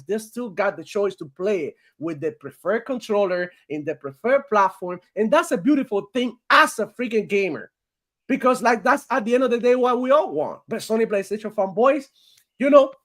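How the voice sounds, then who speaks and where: Man, live stream host, lively swinging pitch, casual commentary, swears, says bro. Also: normal speed. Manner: animated, laughing often, swearing, calls listeners bro.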